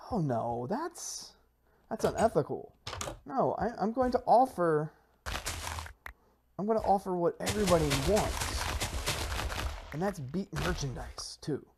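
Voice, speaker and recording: A man's voice: big pitch swings, a little slow, long pauses, noisy background. A man giving playful gameplay commentary, rambling and self-mocking as he hypes his plans like a salesman. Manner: mock sales-pitch hype, rambling with restarts. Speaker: Minecraft server player and video creator.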